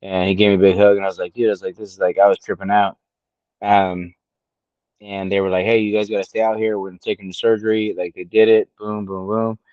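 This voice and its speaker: A man in his late thirties co-hosts a podcast, recounting something that happened to him with plenty of swearing and animated impressions of what people told him. His voice is on the low side, quick, clear and resonant. The sound is lo-fi with no room sound.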